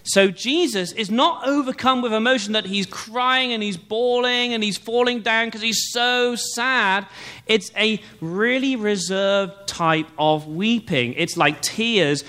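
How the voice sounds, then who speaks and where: A young man preaching a sermon, reading scripture aloud and then explaining it in an earnest, measured way. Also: high-pitched, pushed and bright. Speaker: pastor.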